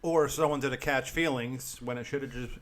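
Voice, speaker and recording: A man's voice: mid-range voice, a little fast, fairly bright tone. A man chatting on a podcast, hesitant and agreeable as he tells about a former roommate. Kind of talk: casual podcast chat.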